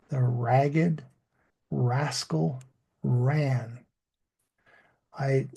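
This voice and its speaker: A male English teacher speaking at a very slow, deliberate pace, stretching out words so learners can copy them. His voice is gravelly and dark, a little husky, and pitched slightly above the usual for a man. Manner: slow, deliberate, drawn-out model pronunciation. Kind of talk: online language lesson.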